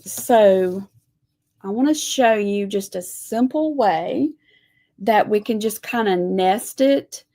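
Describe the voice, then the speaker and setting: A woman's voice: mid-range voice, mellow. A woman leading a live craft lesson, chatty and folksy as she talks viewers through her lettering. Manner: chatty, folksy, says y'all. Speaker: lettering teacher.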